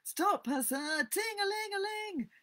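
A brash, cocky boy from a storybook, teasing and bellowing orders in a high, bouncy voice, put on by a woman reading aloud. His pitch leaps around as he mocks and shouts, with a slightly distant sound on the louder calls. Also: animated, measured pace, heavily acted. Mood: playful bellowing. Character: cocky boy playing a steamboat.

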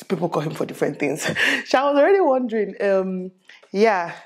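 A Nigerian beauty vlogger in her thirties chats casually and laughs often while styling a wig and telling a story. Her medium-pitched voice has lively intonation and moves fairly quickly.

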